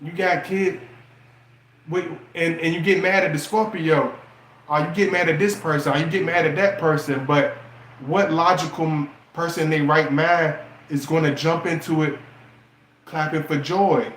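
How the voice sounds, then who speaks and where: A man giving casual relationship advice in a preachy, animated way, firing off rhetorical questions. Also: a little high, normal speed, reverberant, a little hiss or hum. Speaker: relationship and astrology vlogger.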